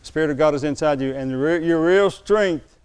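An older man preaching a sermon, telling a personal story, slowing for emphasis and dropping to a quiet, moved tone. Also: on the high side, clean tone. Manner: storytelling, slows down for emphasis, drops to a hushed tone when moved. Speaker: pastor.

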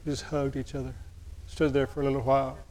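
A man's voice: medium pitch, little pitch movement, fast, a little mellow. A male pastor preaching a sermon, telling a personal story in a folksy, candid, humorous way to his congregation.

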